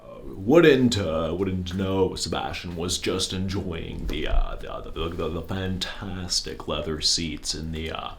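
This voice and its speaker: A man playing a gravelly, dim-witted field reporter. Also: sits low, a little hiss or hum. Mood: deadpan. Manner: halting, filler-heavy, deadpan.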